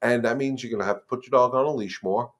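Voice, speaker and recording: A man with a mid-range, slightly bright voice speaks fast while hosting a live dog-training Q&A stream. Conversational and direct, he calls viewers "guys," repeats words, and turns firm and emphatic on the rules.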